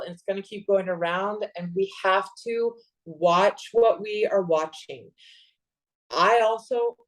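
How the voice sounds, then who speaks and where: A woman in her forties chatting as a podcast guest, rambling and animated, with sudden excited bursts. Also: medium pitch, poor audio. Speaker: podcast guest, actor and producer. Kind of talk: casual interview chat.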